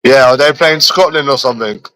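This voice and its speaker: A man's voice: mid-range voice, brisk, sharp tone, no echo, low-quality recording. A young man, chatting casually with friends in repetitive, laughing, slangy banter. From London. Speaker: streamer.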